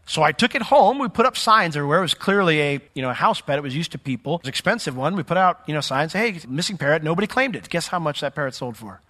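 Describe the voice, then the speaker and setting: A man preaching a sermon as pastor, in a conversational way with joking asides and sudden jumps in pitch. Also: lively intonation, fast talker, hardly any pauses, sharp tone. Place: church sanctuary. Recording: long hall reverb.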